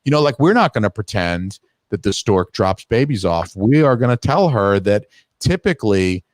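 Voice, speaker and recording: A man with a New Hampshire accent delivers blunt, crude jokes in a flat, deadpan way. His voice sits fairly low, and the sound is dry and close, with no room echo. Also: normal speed. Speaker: podcast co-host. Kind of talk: casual crude banter.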